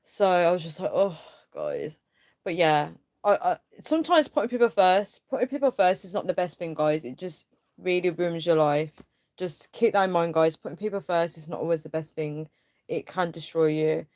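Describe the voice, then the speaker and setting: Casting: young woman, lowish voice, dry close sound, rambling livestream chat full of fillers. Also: normal speed, darkish tone, no room sound. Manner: rambling, filler-heavy, frustrated venting. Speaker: livestream host. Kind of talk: casual livestream chat reading comments.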